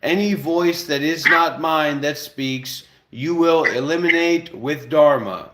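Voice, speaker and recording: A man's voice: on the high side, slow pace, fairly bright tone, a little hiss or hum. A man hosting a livestream, giving blunt, commanding instructions. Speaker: livestream host. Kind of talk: casual livestream talk. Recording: roomy echo.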